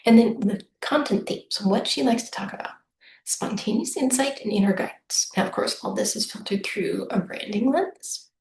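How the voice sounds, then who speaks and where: With vocal fry and a darkish, medium-pitched voice, a woman who coaches human design businesses reads solo at a moderate pace. Her tone is upbeat and chatty, and she frequently voices her clients' likely lines. Faint noise and echo fill the room.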